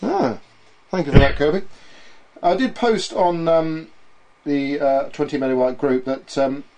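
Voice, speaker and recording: A man with a slightly high, somewhat mellow voice hosts a casual podcast at a measured pace, and the recording quality is low. He reads listener comments playfully, laughing often and stumbling over names.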